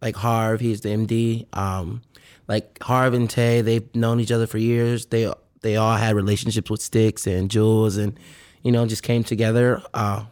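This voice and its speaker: A man's voice: fairly low pitch, flat delivery, moderate pace, a little mellow, clean tone. A man, a band musician, talking casually as a guest in an interview, loose and full of fillers. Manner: laid-back, filler-heavy, laughs often.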